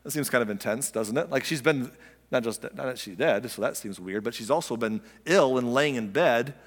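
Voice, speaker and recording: A man's voice: medium pitch, moderate pace, in a large hall. A man preaching a sermon in a conversational way, asking his listeners questions and acting out quotes. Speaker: pastor.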